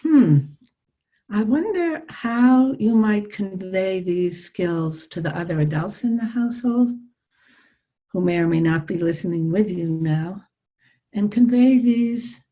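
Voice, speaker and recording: An older woman psychologist teaching a live online workshop over a video call, with a calm, soothing coaching manner. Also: fairly low pitch, a little slow.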